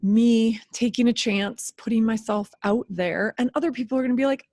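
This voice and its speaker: A woman's voice: fairly high pitch, fairly even intonation, normal speed, hardly any pauses, a little mellow, no echo, studio quality. A woman in her fifties hosting a solo podcast, talking candidly and with animation, laughing and swearing freely. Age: 50s. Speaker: podcast host.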